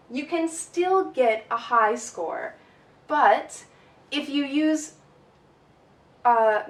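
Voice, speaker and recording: A woman teaching an English speaking lesson, with a clear, emphatic delivery. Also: on the high side, reverberant, far from the mic, rough recording.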